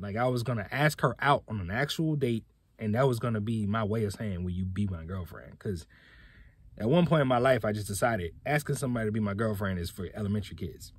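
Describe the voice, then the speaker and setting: A man's voice: medium pitch, breathy edge, no echo. A young man hosting a podcast, telling a personal story in a laid-back, slangy way. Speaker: podcast host. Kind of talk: casual storytelling.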